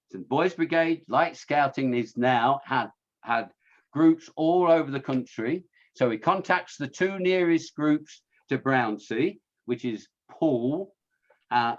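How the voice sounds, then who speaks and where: A man's voice: medium pitch, muffled recording. Chatty man giving a slide talk. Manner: chatty, self-correcting, with wry asides. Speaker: local history speaker. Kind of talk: informal illustrated talk.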